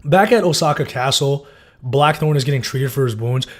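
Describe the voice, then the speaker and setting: A man's voice: mid-range voice, moderate pace. A man giving a loose, casual breakdown of TV episodes, full of fillers and swearing. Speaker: TV show recapper.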